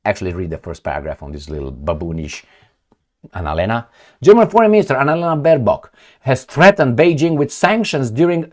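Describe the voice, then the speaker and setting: Sarcastic man with a lively voice. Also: mid-range voice. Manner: sarcastic, crude, mocking. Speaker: news commentary host. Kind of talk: casual political commentary.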